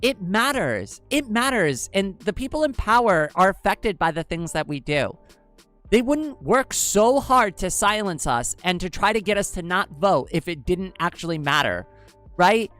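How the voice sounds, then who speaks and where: A woman's voice: medium pitch, sing-song, moderate pace, a bit bright, soft background music. A young woman with an androgynous-sounding voice, chatting casually with her livestream viewers and rambling with lots of fillers. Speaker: livestream host. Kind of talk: casual livestream chat, answering chat.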